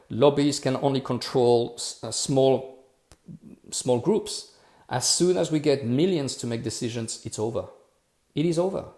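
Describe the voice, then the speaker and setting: A man's voice: medium pitch, dark tone, echoey room. A man from France, hosting a casual live Q&A and answering viewer comments in an earnest, repetitive way full of restarts. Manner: earnest, repetitive restarts, says "okay" and "bro" often.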